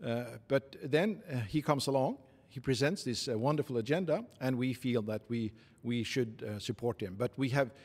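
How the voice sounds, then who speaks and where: Halting Norwegian man, reverberant sound. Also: medium pitch, a little mellow, husky. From Norway. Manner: halting, measured, many pauses and fillers. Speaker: interviewee, committee secretary. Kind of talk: formal interview answers. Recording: long reverb.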